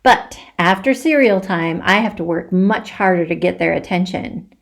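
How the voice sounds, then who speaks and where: A woman teacher reading a children's book aloud for virtual story time, slow and expressive. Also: lowish voice, gravelly.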